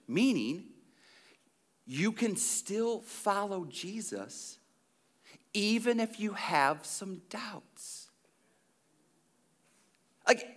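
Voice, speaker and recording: A man's voice: on the high side, pushed and bright. A male pastor giving a sermon in a conversational way, full of restarts and asides, in church.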